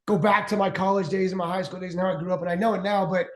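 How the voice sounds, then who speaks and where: A man in his forties, a former pitcher who is a guest on a show, telling long stories in a rambling way with many restarts and fillers. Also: steady tone, rapid-fire. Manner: rambling, restarts a lot, heavy "like". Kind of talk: casual storytelling chat. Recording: roomy echo.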